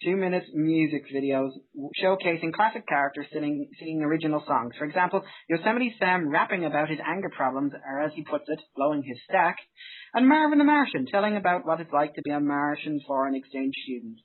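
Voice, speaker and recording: A man's voice: a little high, lively intonation, fairly quick. A man co-hosting a casual podcast chat about cartoons, sarcastic and given to exaggerated rants. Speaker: podcast co-host. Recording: phone-like narrow sound.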